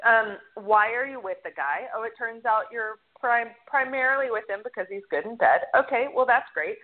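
A woman's voice: fairly high pitch, normal speed. A woman co-hosting a podcast in casual chat, telling stories and swearing freely. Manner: chatty storyteller who swears freely. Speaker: podcast co-host. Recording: tinny phone-like sound.

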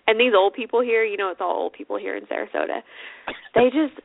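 A woman's voice: fairly high pitch, fairly even intonation, quick pace, gravelly. A woman co-hosting a motorcycle radio show, chatting casually and laughing often. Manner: giggly and chatty. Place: Sarasota. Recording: phone-like narrow band, dry.

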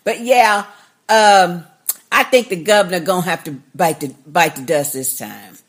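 A woman co-hosting a casual fan podcast, chiming in and laughing along with her co-host. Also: lowish voice. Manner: slow, drawling, quick to laugh along. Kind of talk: casual chat.

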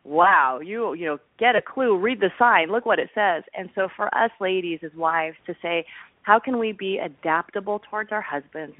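A woman's voice: lowish voice, dry recording. A woman guest author speaks in a radio interview, telling personal stories with plenty of life. She slips into the voices of the people she quotes as she goes. The sound is a thin, tinny phone line, completely dry. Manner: lively storyteller who acts out quoted voices.

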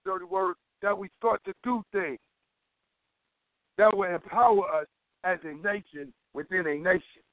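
A man's voice: high voice, moderate pace, pauses often, no echo. A man giving an impassioned political talk as an organizer, emphatic and preachy, repeating phrases for weight. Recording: tinny phone line, dry.

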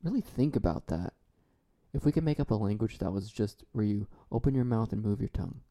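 Brief: deadpan male solo talk host, rambling and absurd, dark voice. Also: on the low side, fairly quick.

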